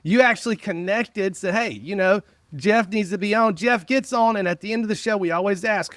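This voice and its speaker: A man's voice: high voice, normal speed, hardly any pauses, a bit bright, no room sound. A man hosting a podcast interview from his studio, upbeat and playfully teasing his guest. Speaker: podcast host. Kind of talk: casual interview chat. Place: home studio.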